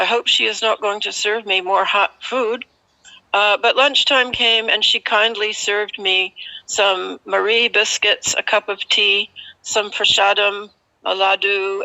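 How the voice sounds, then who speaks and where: A woman's voice: mid-range voice, gravelly, bright, forceful tone. A woman telling a personal story from her time at an ashram, in an earnest, vivid way with small fillers. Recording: slightly muffled recording.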